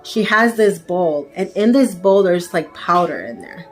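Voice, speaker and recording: Young woman telling her testimony, chatty, lots of "right?", soft music behind. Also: fairly low pitch, expressive, unhurried. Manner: chatty, frequent fillers and "right?" asides. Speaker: vlogger sharing a faith testimony. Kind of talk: personal testimony, casual storytelling.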